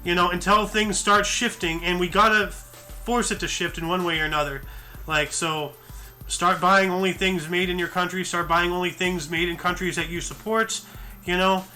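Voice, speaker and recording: A man's voice: sits high, steady tone, normal speed, bright, forceful tone, soft background music. A tired man hosting a news show, reading articles aloud and breaking off into rambling asides full of fillers and restarts. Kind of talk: casual news commentary read from articles.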